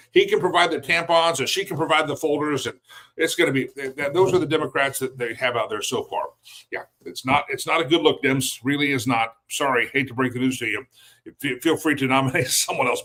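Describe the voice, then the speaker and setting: A man's voice: on the high side, a bit bright, rough recording. A man hosting a daily news show, giving blunt, mocking opinion commentary with chuckles between remarks.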